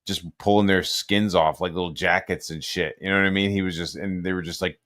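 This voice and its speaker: A man with a fairly low voice talks in a loose, laid-back way, peppering his stories with swearing and filler words. His voice sounds dry and close, with no room echo. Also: fairly even intonation, a little fast, fairly bright tone. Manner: profane, laid-back, says "like" and "dude" a lot. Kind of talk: casual chat.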